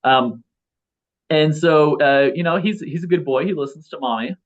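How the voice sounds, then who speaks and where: A philosopher in his thirties, guesting on a casual interview, talks at a normal speed in a fairly high voice. He rambles, restarting often and using lots of fillers, and the audio is slightly dull and lo-fi.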